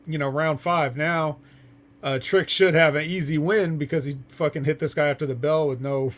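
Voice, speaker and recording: Guy with a slightly high voice going over a show recap, lots of ums. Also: fairly even intonation, moderate pace. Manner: hesitant, filler-heavy recapping. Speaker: co-host. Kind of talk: casual podcast recap.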